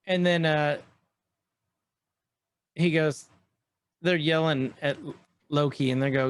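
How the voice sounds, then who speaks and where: A man with a voice a touch higher than most rambles eagerly through a casual podcast chat. He retells scenes as he pauses the show, getting excited as he goes. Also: clear, resonant tone, no echo. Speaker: podcast co-host. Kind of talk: casual chat recapping an episode.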